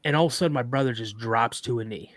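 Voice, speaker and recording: A man of middling pitch tells a story in a casual, animated way, jumping into the quoted voices of the people in it and restarting his sentences as he goes. His voice sounds close and dry, with no room around it. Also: fast, no echo. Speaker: podcast guest.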